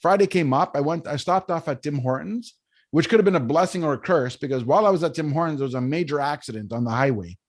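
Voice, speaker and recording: A man's voice: on the high side, quick pace. Chatty man telling stories. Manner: animated storyteller, keeps asking "right?". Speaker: podcast guest, business coach. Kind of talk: casual storytelling interview.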